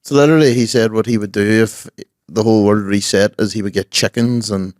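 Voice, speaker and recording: A man's voice: on the low side, fairly even intonation, brisk, darkish tone, no echo, studio quality. A young man co-hosting a podcast, hungover and rambling in casual chat. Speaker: podcast co-host.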